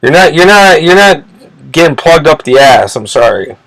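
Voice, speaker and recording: Fairly high-pitched and swinging widely in pitch, this channel host's voice moves at normal speed with a slightly bright tone. He rants indignantly in a commentary video, profane and rambling, restarting sentences and repeating words again and again. The recording is rough but has no echo.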